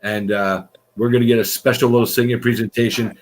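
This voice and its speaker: A man's voice: mid-range voice, level tone, fairly quick. A man hosting a casual live-streamed fighter interview show, effusive and rambling, with casual swearing.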